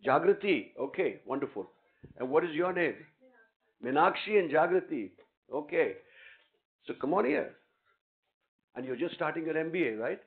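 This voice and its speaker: A high-pitched male lecturer with a lively voice that swings widely, teasing and coaxing students in an interactive class. The sound is thin and tinny, like a phone line. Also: normal speed, long pauses. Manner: animated, teasing, coaxes students on stage. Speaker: guest lecturer. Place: lecture hall with a stage.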